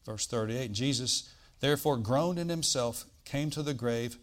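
Animated male preacher reading scripture. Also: mid-range voice, normal speed. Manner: animated preaching, bursts loud on quoted lines then drops quiet; reads old-style scripture, asides with "all right?". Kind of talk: sermon, reading and explaining scripture.

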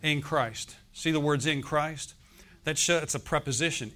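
A pastor in his sixties preaches a sermon emphatically, frequently prompting the congregation to respond to his questions. His voice is on the high side and fairly bright, at a moderate pace.

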